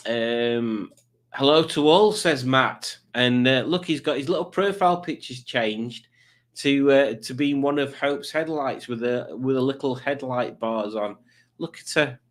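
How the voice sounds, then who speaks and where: A man hosts a home quiz stream in a relaxed, meandering way, his voice sitting at an ordinary middle pitch. He drifts between jokes and self-deprecating asides as he reads out the chat. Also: unhurried. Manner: rambling, self-mocking, jokey asides. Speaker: quiz show host. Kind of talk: casual live-stream chat.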